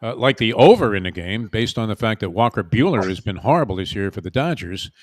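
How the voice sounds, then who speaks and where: A man with a lowish voice co-hosts remotely from home, chatting with eager banter and lots of fillers. The sound is dry and close, with no room around it. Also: animated, fairly quick, no echo. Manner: enthusiastic banter, filler-heavy. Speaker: co-host joining remotely. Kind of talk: casual chat. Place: at home, away from the studio.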